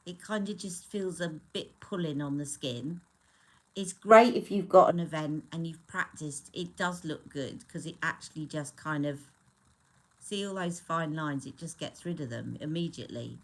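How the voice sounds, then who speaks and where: A woman's voice: low-pitched, moderate pace. A woman hosting a casual beauty live stream, chatting loosely and greeting viewers by name between product talk.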